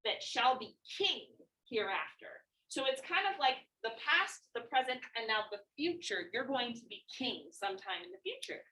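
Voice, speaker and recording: A woman's voice: sits high, big pitch swings, moderate pace, few pauses, pushed and bright. A woman teacher casually explaining a play to her class, full of like and you know. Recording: far-off mic in echoey classroom.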